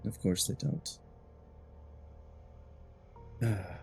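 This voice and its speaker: A man's voice: lowish voice, expressive, very slow, vocal fry, dark tone, faint music behind. A man playing a tabletop game, talking in a confident, conspiratorial way. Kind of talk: in-character role-play.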